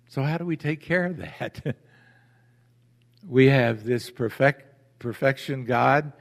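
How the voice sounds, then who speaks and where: A man, a pastor, preaching a sermon with deliberate emphasis and rhetorical questions to his congregation. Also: medium pitch. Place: church sanctuary. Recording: church hall with long reverb.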